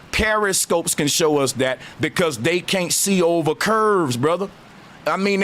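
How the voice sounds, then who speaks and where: A man with a Southern US accent, hosting a call-in debate, talking slowly and arguing hard. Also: on the high side, fairly bright tone. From Southern United States. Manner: slow, drawling, argumentative. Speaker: host.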